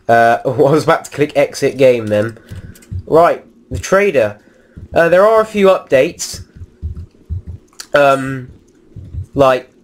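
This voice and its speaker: A man, commentating casually on his own gameplay and rambling through his thoughts. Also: medium pitch. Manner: rambling, lots of ums and restarts while he plays. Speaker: gameplay video host.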